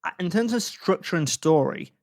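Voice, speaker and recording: A man's voice: high-pitched, animated, moderate pace, creaky, darkish tone, no echo, studio quality. A man co-hosting a comedy podcast, chatting playfully with rambling jokes. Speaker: podcast co-host. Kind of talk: comedic casual chat.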